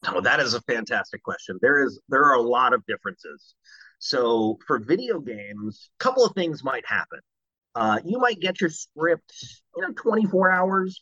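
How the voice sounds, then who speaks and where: A man, a voice actor, telling animated and jokey stories in an interview. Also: on the high side, no echo, highs cut off. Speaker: voice actor guest. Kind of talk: anecdotal interview talk.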